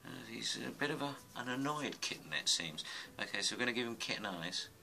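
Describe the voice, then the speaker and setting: Gravelly man muttering over a drawing. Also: medium pitch, animated, fairly quick, bright, forceful tone, poor audio. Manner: mutters to himself while working, rambling. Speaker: drawing tutor. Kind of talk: casual drawing tutorial. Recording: music playing underneath. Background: music.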